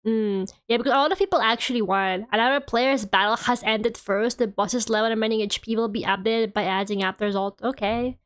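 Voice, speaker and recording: A woman's voice: fairly high pitch, a little fast, hardly any pauses. A young woman streaming a game, chatting casually and ranting with lots of "like"s. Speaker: VTuber streamer. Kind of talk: casual live-stream chat while gaming.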